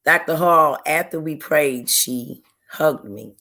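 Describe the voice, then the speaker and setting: A woman, a guest author, sharing an emotional personal testimony in an interview, telling it slowly and earnestly and often repeating her phrases. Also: sits low, sharp tone.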